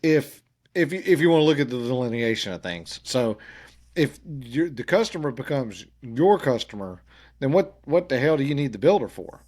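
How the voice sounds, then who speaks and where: A man's voice: medium pitch, animated, normal speed, darkish tone. A middle-aged man, talking casually on a podcast with a rambling, restarting manner. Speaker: podcast co-host. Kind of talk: casual chat.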